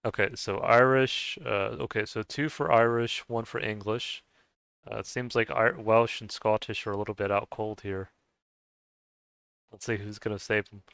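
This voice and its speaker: A man with a lowish, smooth voice chats casually with his viewers while he plays a game. He rambles and hesitates, restarting sentences and filling gaps with "um", and often chuckles. The sound is dry and close. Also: level tone, moderate pace, fairly bright tone, no echo. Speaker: game streamer chatting with viewers. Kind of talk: casual chat while playing.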